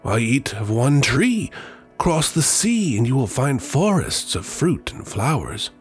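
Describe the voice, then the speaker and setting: A man's voice: medium pitch, sing-song, takes it slowly, faint music behind, pitched above the performer's own voice. A man doing a sly, coaxing sea dragon. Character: scheming male sea dragon, smooth-talking.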